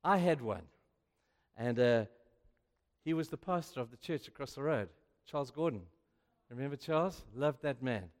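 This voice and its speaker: A male pastor preaching a sermon, telling stories with sudden swings between hushed and loud. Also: mid-range voice, animated, normal speed, long pauses. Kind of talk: sermon with storytelling. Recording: long reverb of a large hall.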